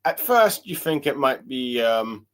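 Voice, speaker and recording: A man's voice: mid-range voice, big pitch swings, measured pace, fairly bright tone. Hesitant man recapping a manga chapter. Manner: hesitant, many fillers and restarts while reading along. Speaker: manga reviewer. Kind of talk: casual solo chapter review.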